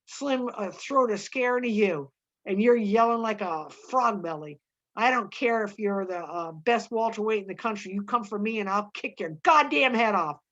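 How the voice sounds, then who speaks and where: Woman voicing a gruff ranch hand, blunt and scornful, lo-fi recording. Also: mid-range voice, normal speed, fairly bright tone, lightly acted.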